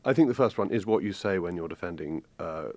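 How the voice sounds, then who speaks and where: A man from England in his fifties, a guest talking politics in a measured way, hesitating with ums. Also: low-pitched, animated, darkish tone, no echo. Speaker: guest commentator. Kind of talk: political discussion.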